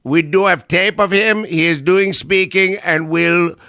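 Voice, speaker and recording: A man putting on a solemn male official who speaks halting, broken English in a comic impression. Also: sits high, sharp tone, smooth, no echo, clean studio sound, full character voice.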